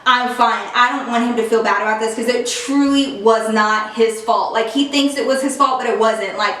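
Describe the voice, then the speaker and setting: A woman's voice: on the high side, normal speed, fairly bright tone. A woman vlogger telling a storytime in casual slang, packed with "like" fillers. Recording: very echoey room, far from mic.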